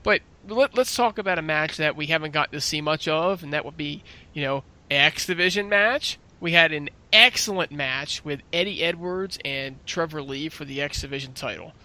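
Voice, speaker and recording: A man's voice: fairly high pitch, moderate pace, few pauses, pushed and bright. A man co-hosting a casual wrestling podcast, talking in an exasperated, opinionated way. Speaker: podcast co-host.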